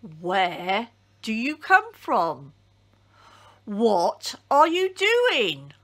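A woman's voice: on the high side, fairly bright tone, exaggerated voice. A woman voicing a group of terrified sailors who ask frantic questions and plead in a storybook reading.

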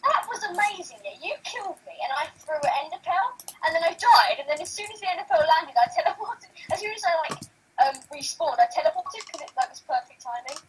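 A woman's voice: very high voice, very animated, quick pace, a little hiss or hum, poor audio. A woman chatting while playing a game, giggly, playful and self-mocking. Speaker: co-player. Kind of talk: casual gaming chat.

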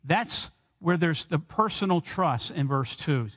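A man preaching a sermon, earnest, slowing and lifting his voice when he quotes prayers. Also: on the high side, animated, a bit bright. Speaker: pastor. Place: church sanctuary. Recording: long church hall reverb.

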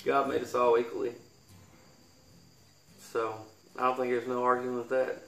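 A man's voice: medium pitch, completely flat delivery, moderate pace, creaky, fairly bright tone, slight background noise. A man in his thirties with a Kentucky Southern accent, reading a poem and then talking earnestly in a vlog, rambling and restarting his sentences. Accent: Kentucky Southern American. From Kentucky, USA. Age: 30s. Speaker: YouTuber. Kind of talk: poetry reading and heartfelt vlog talk. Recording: roomy echo with faint guitar music.

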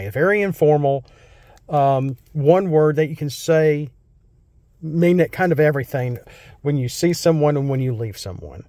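An American man reading Bible verses slowly and solemnly, then explaining them in a casual, rambling way. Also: a little high, dark tone, no echo, studio quality. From United States. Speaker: Bible teacher.

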